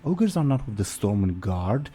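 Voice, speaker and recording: A man voicing a fussy noblewoman who rambles and calms her friend in a tabletop game. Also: lowish voice, normal speed, husky. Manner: fluttery, rambling.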